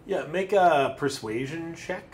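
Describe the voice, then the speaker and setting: A man's voice: on the high side, animated, a little slow, slight background noise. A young man as dungeon master, explaining rules casually with lots of fillers. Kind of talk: running a tabletop game, casual.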